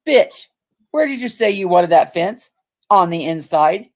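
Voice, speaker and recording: A woman's voice: fairly low pitch, expressive, a little slow. A woman, co-hosting a livestream in casual, profane, mocking chat, acting out other people's words. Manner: profane, mocking, acts out quotes. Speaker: livestream co-host.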